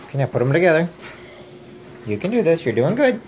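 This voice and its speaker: A man's voice: a little high, sing-song, quick pace, darkish tone, slight background noise. A man, the father, patiently coaching his young daughter through reading words at home, sounding out letters and encouraging her again and again. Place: family home.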